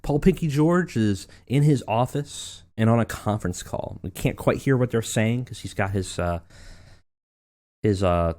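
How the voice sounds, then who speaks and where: Man, lowish voice, casual rambling let's play commentary. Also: measured pace, a little mellow. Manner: rambling, with many fillers and self-corrections.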